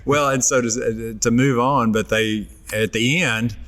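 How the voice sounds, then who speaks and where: A man's voice: medium pitch, fairly even intonation, a little slow, a bit bright. A man hosts a conversational interview. He prompts the guest with friendly, easygoing questions in a middle-range voice.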